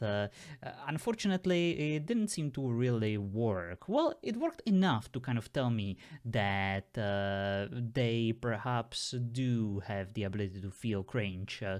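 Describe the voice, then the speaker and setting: A man's voice: on the low side, a little mellow. A man playing a text adventure, chatting casually and rambling with lots of "uh"s. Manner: rambling, full of uh fillers. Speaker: player. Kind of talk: casual role-play chat.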